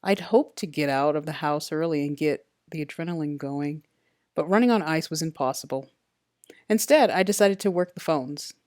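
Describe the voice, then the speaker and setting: A woman reading a first-person detective novel aloud in a steady, matter-of-fact way. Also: low voice, normal speed, no echo, clean studio sound. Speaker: audiobook narrator. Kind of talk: first-person audiobook narration.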